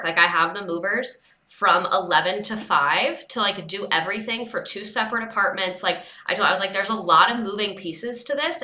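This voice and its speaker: A woman's voice: lowish voice, bright, forceful tone, reverberant. A young woman hosting a casual livestream, chatting and retelling a phone call with quoted dialogue. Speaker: livestream host.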